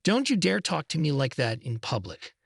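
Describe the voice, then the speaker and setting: A man's voice: on the high side, big pitch swings, moderate pace, gravelly, husky, no echo, clean studio sound, heavily acted. A man voicing a brash, provocative young wife who talks back in a snappish, defiant way. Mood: angry.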